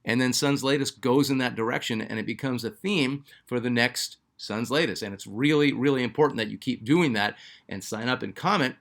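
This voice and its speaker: A man hosting a basketball fan channel in loose, casual commentary. He talks in a chatty way at an ordinary middle pitch, full of "uh"s, restarts and asides as he works through viewer comments. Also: brisk, creaky, few pauses, a bit bright. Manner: chatty, filler-heavy, restarts often. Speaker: sports channel host.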